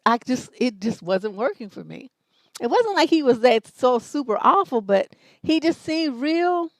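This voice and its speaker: A brash, foul-mouthed woman in middle age gives relationship advice on a live stream. Her voice sits a bit high, and the sound is close and dry with no room echo. She tells stories in a blunt, no-nonsense way. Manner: blunt, profane, brash storytelling. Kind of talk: livestream advice chat.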